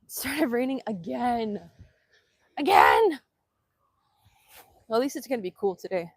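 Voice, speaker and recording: Brief: upbeat woman live-streaming outdoors on a phone, slightly high voice, close and dry, talks excitedly and laughs often. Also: fairly quick, no echo. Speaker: vanlife vlogger. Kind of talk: casual live-stream chat. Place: outdoors in Hawaii.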